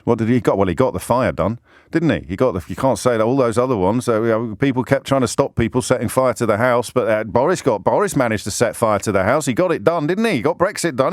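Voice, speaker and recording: A man's voice: on the low side, darkish tone, no room sound, clean studio sound. A man hosting a radio show, delivering an impassioned, scornful monologue with emphatic rhetorical repetition. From Britain. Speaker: radio phone-in host.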